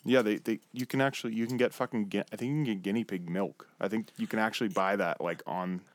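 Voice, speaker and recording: A man's voice: lowish voice, fairly even intonation, fast talker, no echo. A young man co-hosting a podcast, talking in a rambling, crude and joking way. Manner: rambling, swears a lot, puts on silly voices. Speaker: podcast co-host. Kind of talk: crude casual chat.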